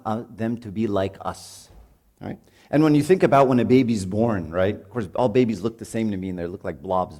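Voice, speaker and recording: A man's voice: lowish voice, a little mellow. A middle-aged man giving a joking, conversational talk at a marriage retreat and putting questions to his audience. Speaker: retreat speaker.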